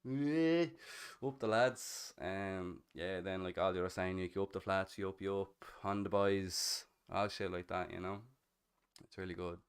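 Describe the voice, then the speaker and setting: A man's voice: sits low, unhurried, smooth. An Irish man of thirty, a streamer chatting casually over voice chat in a role-play game, slangy and swearing freely with easy laughs. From Ireland.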